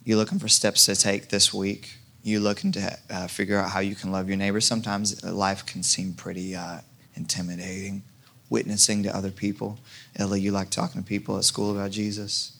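Gravelly man preaching a conversational sermon. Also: lowish voice, little pitch movement, fairly quick, a bit bright. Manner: conversational, jokey, many restarts. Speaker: pastor.

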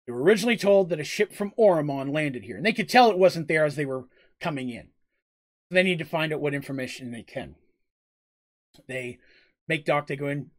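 A man narrating a tabletop game as game master, casual and rambling. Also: on the high side.

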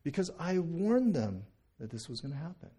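A man's voice: fairly high pitch, big pitch swings, normal speed, dark tone, breathy edge. A man in his thirties, a pastor from the United States, preaching a sermon in a conversational way, often repeating words and checking in with "right?".

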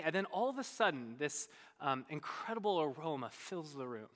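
Bright high-voiced man preaching a sermon. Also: normal speed, long reverb tail. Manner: animated storytelling, voices quoted speakers with big pitch jumps; repeats words when starting sentences. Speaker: pastor.

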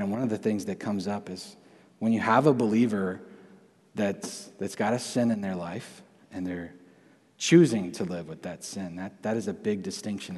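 A young adult man giving a sermon in a relaxed, conversational way, often restarting his sentences and adding asides. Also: on the low side, slightly rough. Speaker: preacher. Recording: long hall reverb.

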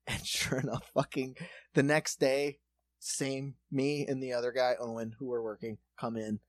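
A man's voice: mid-range voice, steady tone, normal speed, no room sound. A man in casual chat, ranting and swearing as he tells a story about a busy restaurant shift. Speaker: restaurant server and bartender.

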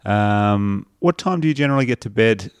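A man hosting a casual podcast, laid-back and quick to laugh. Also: on the low side, lively intonation, clean tone, no echo, clean studio sound. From Australia. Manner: laid-back, laughs often, short interjections. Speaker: podcast host.

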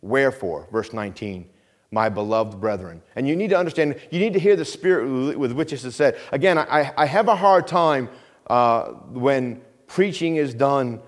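A middle-aged pastor in a church gives a conversational sermon at a mid-range pitch. He talks calmly and plainly, often sinking to a quiet, low voice, repeating phrases and checking in with his listeners. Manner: calm, measured, often drops to a quiet low voice; asks the congregation questions and repeats phrases. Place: church sanctuary.

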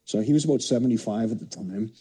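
Low husky older man telling stories. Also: fast talker, dark tone, poor audio. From Canada. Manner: rambling anecdotes full of "you know". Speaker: podcast guest, former hockey player. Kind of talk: casual storytelling.

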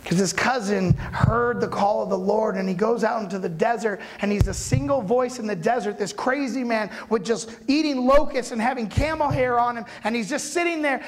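A man preaching a sermon as a dramatic retelling, repeating words and building up to loud peaks. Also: very high voice, moderate pace, few pauses, poor audio. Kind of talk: storytelling sermon.

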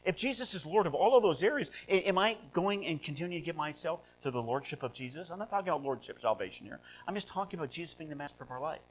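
A male pastor preaching a sermon, asking rhetorical questions and swinging between loud, animated passages and hushed ones. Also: on the high side, quick pace, few pauses, a little hiss or hum, low-quality recording. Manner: rhetorical questions, repeats words.

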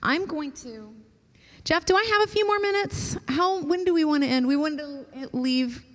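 A woman preaching a sermon and leading a slow, gentle scripture prayer with long pauses. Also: sits high, lively intonation, in a large hall.

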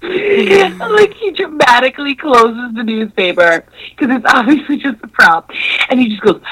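Animated young woman telling a story. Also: high voice, a little slow, breathy edge, low-quality recording. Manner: animated, swears, acts out voices in quotes. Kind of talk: casual storytelling chat.

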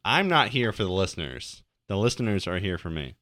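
Low-voiced joking man riffing over a movie. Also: big pitch swings, fairly quick, bright, forceful tone, no room sound, studio quality. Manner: joking, absurd one-liners. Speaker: podcast co-host.

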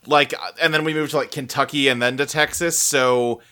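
A man's voice: mid-range voice, steady tone, normal speed, bright, forceful tone, clear, resonant tone. A man from Ohio co-hosting a podcast in easygoing casual chat, laughing often. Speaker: podcast co-host.

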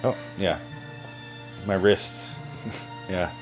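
A young man ranting through a comedic movie review, sarcastic, deadpan and full of swearing. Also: sits low, very slow, over music.

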